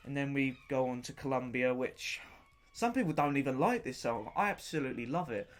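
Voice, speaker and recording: Very animated and brisk, a medium-pitched man reviews an album on the podcast he hosts, talking casually without a script. He rambles with enthusiasm, often says things twice, and keeps pausing to find words.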